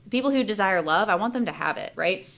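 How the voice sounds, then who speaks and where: A woman in her thirties, a life and business coach, talking openly and emotionally in an interview, with quick bursts of speech and many fillers. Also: mid-range voice, animated, vocal fry, a bit bright. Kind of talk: candid interview conversation.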